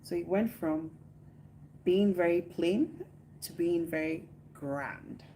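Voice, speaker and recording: A woman's voice: fairly low pitch, slow, background noise. A Nigerian woman in her living room, chatting casually on a phone live stream, teasing viewers and answering their comments aloud. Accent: Nigerian English.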